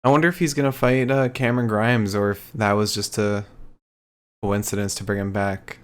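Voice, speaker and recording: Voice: medium pitch, fairly even intonation, moderate pace, clear, resonant tone. A podcast co-host recapping wrestling in a laid-back, casual way.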